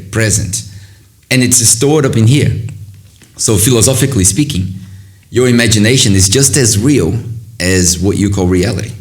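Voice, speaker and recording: A middle-aged man hosting a casual conversation, earnest and rambling, often restarting his sentences as he reflects. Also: fairly low pitch. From from another country. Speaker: host.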